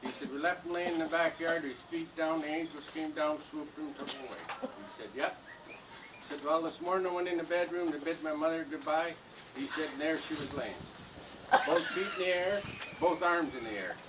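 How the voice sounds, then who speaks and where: A man telling a long joke at a family birthday party in a folksy, steady storytelling way. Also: a little high, a little fast. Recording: distant home camcorder, noisy room.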